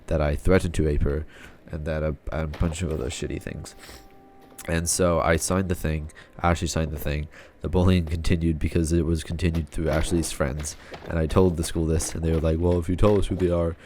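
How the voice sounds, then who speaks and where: Deep-voiced young man venting a story. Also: a little mellow, a little hiss or hum. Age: young adult. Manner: frustrated, rambling, swears often. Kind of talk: casual personal storytelling.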